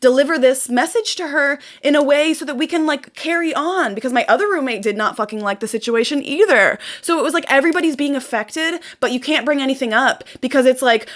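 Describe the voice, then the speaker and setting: A young woman with a high voice pours out an emotional monologue to her viewers. She talks with raw intensity, repeats phrases for emphasis and swears freely as she vents. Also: brisk, hardly any pauses. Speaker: vlogger. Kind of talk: emotional venting monologue to camera.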